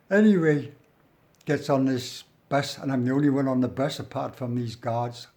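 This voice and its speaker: A middle-aged Englishman with a working-class accent loosely recounts his life in prison, blunt and swearing freely, often slipping into the present tense. His mid-range voice is gravelly and a little mellow, at normal speed.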